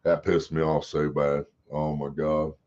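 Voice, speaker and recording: A man's voice: a bass voice, completely flat delivery, unhurried, a little mellow. A man hosting a casual livestream, rambling and swearing as he talks to his chat. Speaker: livestream host. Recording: dull lo-fi stream audio.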